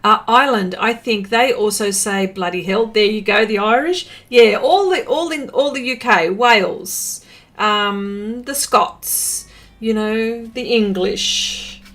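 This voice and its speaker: A woman's voice: on the high side, takes it slowly, fairly bright tone. An Australian woman hosting a livestream, chatting casually and reading viewer comments aloud with lots of fillers. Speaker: livestream host. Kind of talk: casual chat while painting, reading comments.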